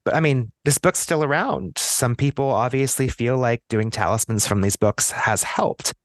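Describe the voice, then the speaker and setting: An American man chatting as a podcast guest, thinking aloud and often circling back to restart his sentences. His pitch is mid-range for a man. The recording is close and dry, with no room sound. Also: normal speed, no echo. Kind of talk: casual podcast discussion.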